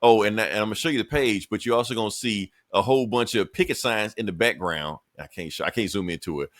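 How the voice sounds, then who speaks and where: A man's voice: fairly low pitch, fast, fairly bright tone, no room sound, studio quality. A man co-hosting a podcast, recapping comic books in a laid-back, profane, joking way. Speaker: podcast co-host. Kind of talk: casual comic book chat.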